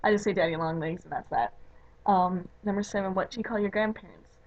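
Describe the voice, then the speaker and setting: A woman's voice: mid-range voice, brisk. Rambling young woman, Chicago accent. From Chicago area, USA. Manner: rambling, many fillers like "you know" and "like". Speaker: vlogger. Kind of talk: casual chat. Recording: dull lo-fi webcam audio.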